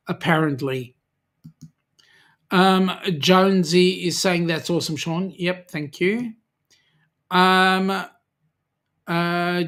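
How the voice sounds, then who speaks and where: A man with an Australian accent hosting a casual livestream, reading out viewer comments with lots of ums and friendly teasing. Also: on the high side. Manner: chatty, hesitant with frequent ums, teasing. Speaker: livestream host.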